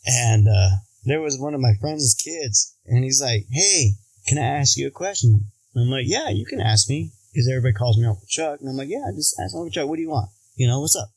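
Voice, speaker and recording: A man's voice: mid-range voice, brisk, few pauses, slightly rough, no echo, low-quality recording. An American man telling funny stories in casual chat, acting out quotes and laughing often. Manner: animated, acts out quotes in other voices, laughs often.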